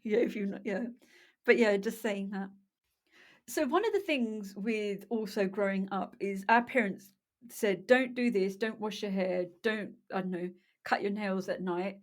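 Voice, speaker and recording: A woman's voice: medium pitch, measured pace. A woman in her thirties with Punjabi as a first language, co-hosting a podcast in casual chat, searching for words and laughing often. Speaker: podcast co-host.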